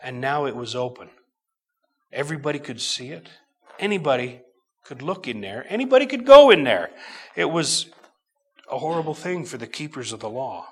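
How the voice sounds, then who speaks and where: In his sermon, a middle-aged man teaches scripture with slow emphasis, swinging between loud outbursts and hushed asides. His medium-pitched voice is slightly rough.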